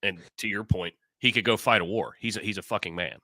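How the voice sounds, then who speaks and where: A man with a low but very bright, sharp-edged voice co-hosts a casual talk show. He is blunt, backs up his partner and swears freely, recorded close and dry. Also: fast, dry recording. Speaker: podcast co-host. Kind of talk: casual opinion chat.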